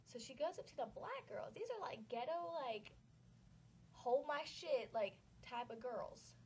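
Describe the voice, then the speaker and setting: A woman's voice: sits high, lively intonation, a little slow, a little mellow, a little hiss or hum, rough recording. A young woman, telling a story casually and packing it with "like". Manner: chatty, says "like" constantly.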